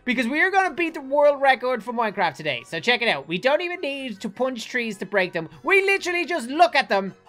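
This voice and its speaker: Woman hyping up a game video, laughs a lot, really bright lively voice, little music in the back. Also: high voice, fast, hardly any pauses. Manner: hyped, laughing often, rambling with restarts. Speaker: gaming video host. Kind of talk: excited gameplay commentary.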